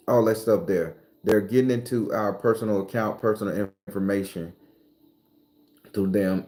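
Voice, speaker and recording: Low mellow-voiced man chatting on livestream. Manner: loose, cursing freely, reacting to viewer comments; swings into loud, high-pitched ranting at times. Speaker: livestream host. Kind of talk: casual livestream chat.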